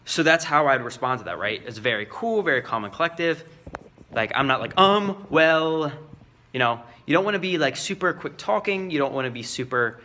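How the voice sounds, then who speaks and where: A man's voice: mid-range voice, pushed and bright. A man talking casually to his viewers in a vlog and coaching them on sales in a loose, chatty way, full of fillers. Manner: coaching, talks straight to viewers. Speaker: vlogger giving sales advice.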